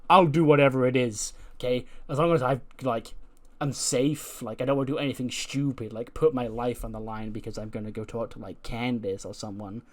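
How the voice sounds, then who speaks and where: A man's voice: mid-range voice, steady tone, brisk, close to an everyday voice. A man voicing an eager young woman interviewer, rambling and full of "like"s. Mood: nervous. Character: upbeat young woman wrestling interviewer, eager then nervous.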